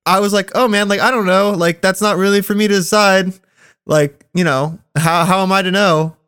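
A man with a high voice tells a story among friends in a loose, casual way. He is animated and curses freely, slipping into other people's words as he talks. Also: normal speed, clear, resonant tone. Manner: animated, swears often, acts out quotes.

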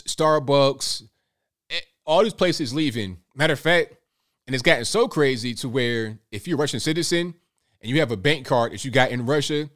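Man, casual commentary, sarcastic, animated, mid-pitched voice, restarts a lot. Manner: animated, sarcastic, mocking asides; repeats words, restarts.

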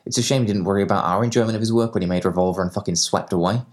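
A man's voice: fairly low pitch, very fast, a little mellow. A man delivering a scripted comedic film review in a sardonic, sweary way.

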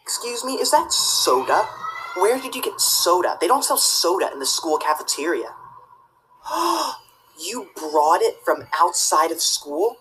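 A woman's voice: on the low side, animated, normal speed, fairly bright tone, slight background noise, rough recording. A woman acting a prissy, rule-obsessed teacher's pet student in a comedy sketch, tattling and preaching about the rules. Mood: tattling, indignant. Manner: tattling, self-righteous and preachy.

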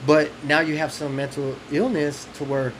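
A man's voice: fairly high pitch, little pitch movement, normal speed, rough recording. A man with a slightly raised voice chats easily as a podcast host. He talks loosely and profanely, full of street slang, with a faint hiss under the recording. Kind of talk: casual chat.

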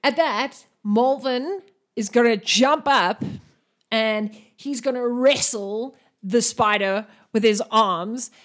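Animated woman game master. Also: a little high, slow pace. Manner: animated, giggly storytelling. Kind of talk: narrating a tabletop game.

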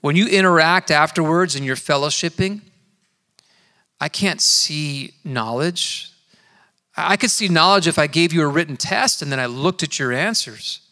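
A man preaching a sermon in a church, telling his own story in an earnest, conversational way and slowing down to stress key words. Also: on the high side, pushed and bright. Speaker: pastor. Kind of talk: sermon with personal testimony. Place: church sanctuary. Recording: long hall reverb.

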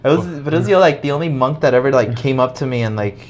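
A man's voice: mid-range voice, animated, rapid-fire, slight background noise. Rambling, laughing young man telling a story. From United States. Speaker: podcast co-host. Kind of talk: casual chat.

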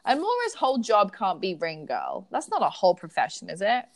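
A woman's voice: medium pitch, huge pitch swings, brisk, no room sound. A woman co-hosting a podcast, chatting casually with lots of "like" and frequent giggles. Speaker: podcast co-host. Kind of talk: casual chat.

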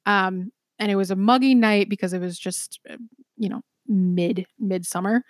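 In studio-quality audio with no echo, a woman co-hosting a podcast tells a true-crime case in a mid-range voice with fairly even intonation. She's casual and chatty, restarting often, peppering her speech with ums, swearing, and laughing quickly.

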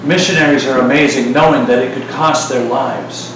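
A middle-aged man preaching a sermon in a casual, joking style, full of asides and lively retellings. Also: medium pitch, moderate pace, heavy reverb, recorded from a distance, noisy background.

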